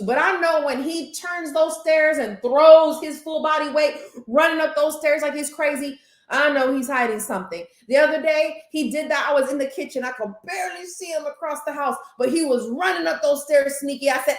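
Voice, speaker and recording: A woman life coach leading a group coaching masterclass in a lively, conversational way, acting out inner voices. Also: high-pitched, moderate pace, echoey room.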